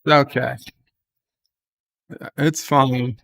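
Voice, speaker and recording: A man's voice: mid-range voice, little pitch movement, drawn-out words, creaky, a bit bright. A man hosting a live reaction stream, retelling the scenes in a casual, rambling way with restarts and fillers.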